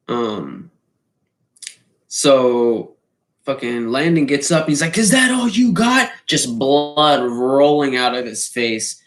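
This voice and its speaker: A man telling a wild party story in a casual, profane, animated way, swearing freely and acting out the hits with sound effects. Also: medium pitch. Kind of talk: casual anecdote. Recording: roomy echo.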